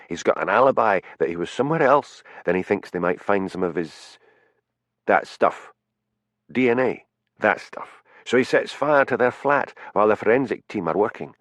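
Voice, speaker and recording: A man voicing an old Highland fisherman, blunt and gossipy, in an audiobook. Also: no echo, lightly acted.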